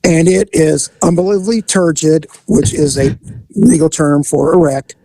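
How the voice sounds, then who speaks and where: A man co-hosting a podcast, a former vice officer telling crude, blunt stories in a casual, animated way. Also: fairly high pitch, normal speed, creaky, no room sound. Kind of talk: casual storytelling.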